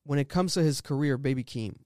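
A man's voice: mid-range voice, fast talker, a little mellow, no echo, studio quality. A young man co-hosting a podcast, telling stories loosely and animatedly with lots of fillers. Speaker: podcast co-host. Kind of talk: casual chat.

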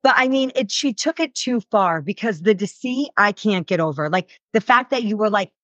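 A woman in her thirties, a reality show cast member, answering interview questions in casual, animated speech full of "like" fillers. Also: mid-range voice, normal speed, no echo. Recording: dull lo-fi sound.

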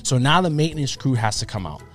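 A man in his thirties, co-hosting a podcast, telling a story in a casual, animated way and acting out what people said. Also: mid-range voice, fast talker, faint music behind. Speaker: podcast co-host.

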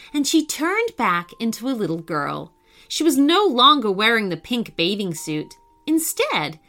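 A woman narrating a children's story in a lively, expressive reading voice. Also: a little high.

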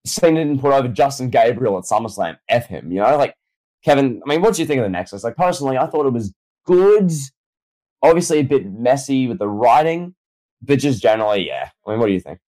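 A man's voice: mid-range voice, very animated, quick pace, warm tone, poor audio. Man talking wrestling, full of rhetorical questions. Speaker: podcast co-host. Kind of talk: casual wrestling discussion.

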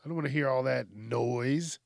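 A man's voice: medium pitch, moderate pace, vocal fry, no room sound, clean studio sound. A man hosting a solo podcast, ranting casually and bluntly with plenty of swearing. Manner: profane, ranting, blunt and conversational. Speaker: podcast host.

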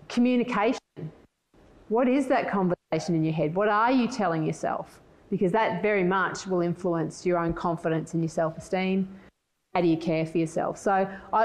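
A middle-aged woman gives a conference talk in a low, even voice. She speaks in a measured, reflective way and restarts her phrases as she thinks aloud. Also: poor audio. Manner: measured, thoughtful, with frequent restarts. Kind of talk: conference presentation.

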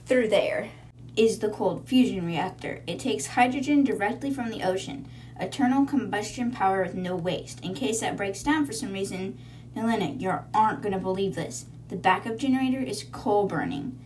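An eager, talkative male engineer aboard an old submarine, voiced by a woman in her own everyday register. He rattles on with enthusiasm about the ship's machinery. The pitch sits in an ordinary middle range. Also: moderate pace, a little mellow, a little hiss or hum, natural voice.

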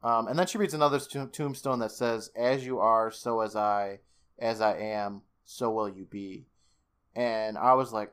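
A man's voice: fairly low pitch, fairly even intonation, measured pace, fairly bright tone, smooth. A man co-hosting a podcast, recapping a TV episode in casual chat, cursing freely, laughing often and acting out lines. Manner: swears freely, laughs often, acts out quotes. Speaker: podcast co-host.

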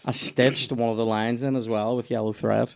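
A man's voice: medium pitch, little pitch movement, moderate pace, creaky, a crowd in the background. A Northern Irish man telling loose, rambling stories in casual podcast chat, with restarts and swearing.

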